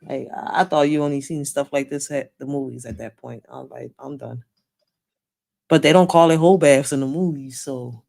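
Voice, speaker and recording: A woman's voice: rumbling low, fairly quick, creaky, hardly any pauses. A woman, casually telling a story with slang and swearing. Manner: animated, swearing, street slang. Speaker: host.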